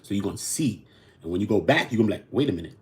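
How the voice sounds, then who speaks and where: New York man, low-ish voice, streetwise commentary host, animated and loud-to-quiet. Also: very fast. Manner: animated, swings between loud outbursts and low mutters. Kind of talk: casual commentary.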